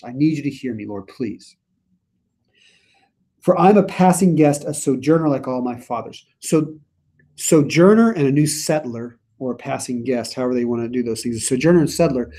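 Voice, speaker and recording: A man's voice: mid-range voice, mellow, breathy edge. A man leading a church Bible study, reading scripture aloud and then paraphrasing it earnestly in his own words. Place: church meeting room.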